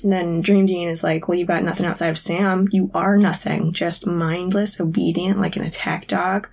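A woman's voice: on the low side, little pitch movement, moderate pace, creaky, a little mellow. A woman retelling scenes of a TV show in casual chat, quoting characters with "he's like". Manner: narrates with many "he's like" quotes. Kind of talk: casual chat recapping a TV episode.

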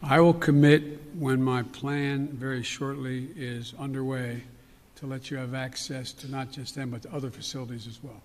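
Older man at a press podium, halting and folksy, long hall reverb on the clip. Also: medium pitch, steady tone, darkish tone. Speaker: politician at press conference. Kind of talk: press conference answers.

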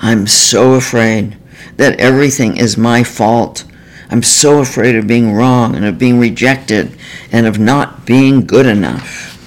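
A man's voice: medium pitch, unhurried, lightly acted, rough recording. A man acting out a furious defensive husband. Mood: afraid, tearful. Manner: yelling, accusing. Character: defensive angry middle-aged man in therapy.

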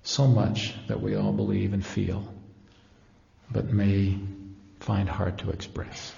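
A man's voice: fairly low pitch, little pitch movement, slow, gravelly, dark tone. A man giving an earnest, reverent devotional talk to an audience in a lecture hall. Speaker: speaker. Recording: echoey hall, dull lo-fi.

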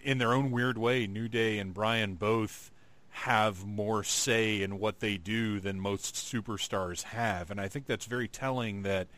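A man's voice: lowish voice, fairly bright tone. A man co-hosting a casual chat, talking with enthusiasm and laughing easily. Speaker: podcast co-host.

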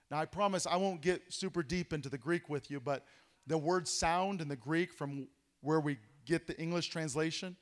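A male pastor teaching a Bible study, animated, asking rhetorical questions and dropping to a hush for effect. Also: fairly high pitch, a little slow.

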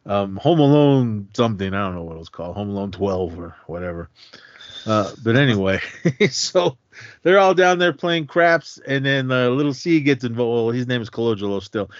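A man on a movie podcast walks through a scene in easygoing chat, breaking into laughs and acting out the characters' lines. His voice sits at an ordinary pitch. The audio is dry and a little dull, a lo-fi recording. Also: moderate pace, no echo. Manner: laughs often, animated retelling of scenes. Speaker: podcast co-host. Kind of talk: casual movie recap chat.

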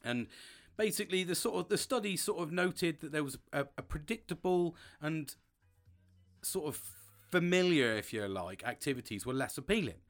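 A man's voice: on the high side, animated, moderate pace, soft background music. A man chatting casually and frankly as a podcast host, rambling with restarts and swearing often. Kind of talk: casual personal chat.

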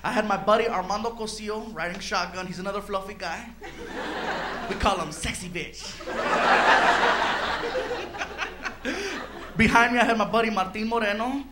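A man telling a stand-up story in an animated way, chuckling through his own lines. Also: high voice, unhurried, pauses often, roomy sound, very noisy. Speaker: stand-up comedian.

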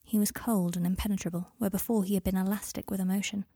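Woman reading a story, calm n even, husky, dry mic. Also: medium pitch, fast talker, no echo. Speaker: audiobook reader. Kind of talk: scripted narration.

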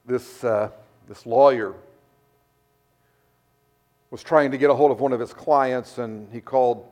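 A middle-aged man preaching a sermon, repeating words as he restarts, telling stories in a lively way. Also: mid-range voice. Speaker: pastor.

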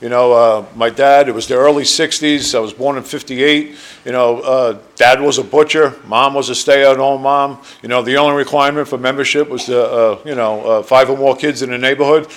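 A man's voice: mid-range voice, steady tone, moderate pace. Earnest New Jersey man in his sixties. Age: 60s. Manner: earnest, rambling storytelling with many fillers. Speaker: recovery meeting speaker. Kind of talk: personal testimony talk. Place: meeting room.

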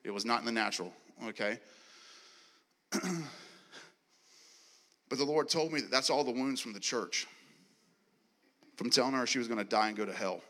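A man preaches in a large church hall, acting out each line of his story with a bright, forceful voice. His words ring out with a long reverb trailing behind them. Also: medium pitch, normal speed, pauses often. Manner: animated, acts out dialogue, laughs and clears throat often. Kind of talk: sermon storytelling.

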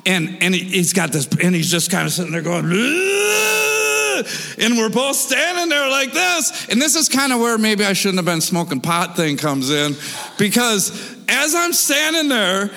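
A man casually telling a wild story with animated, profane delivery, full of sound effects and repetitions. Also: high voice, moderate pace, gravelly, in a large hall.

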